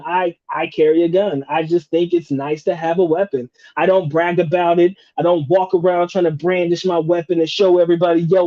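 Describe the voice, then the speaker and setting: A man's voice: sits high, warm tone, no room sound, lo-fi sound. A man from North Carolina, hosting a live question-and-answer stream in a casual, slangy, profane way and often laughing. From North Carolina, USA. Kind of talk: casual livestream chat.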